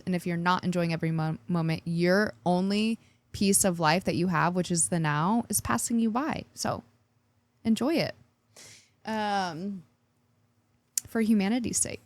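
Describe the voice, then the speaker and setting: A woman's voice: fairly low pitch, no echo. A woman hosting a weekly astrology forecast in a bubbly, chatty way, often laughing. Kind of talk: casual spoken forecast.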